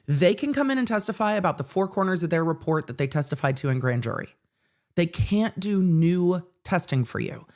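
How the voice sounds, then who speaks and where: Blunt, profane woman hosting legal commentary. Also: lowish voice. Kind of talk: live commentary on a court hearing.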